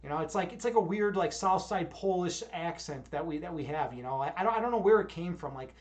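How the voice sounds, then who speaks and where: A man's voice: high-pitched, animated, fast talker. A young man from Chicago with a Chicago accent, chatting casually on a livestream and rambling with lots of restarts. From Chicago, USA. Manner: rambling, many restarts and fillers. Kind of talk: casual stream chat.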